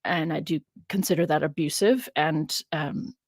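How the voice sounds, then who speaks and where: A woman's voice: deep voice, normal speed, a little mellow, dry recording. A woman biblical scholar hosting a casual teaching livestream, musing aloud, laughing often and stressing key words.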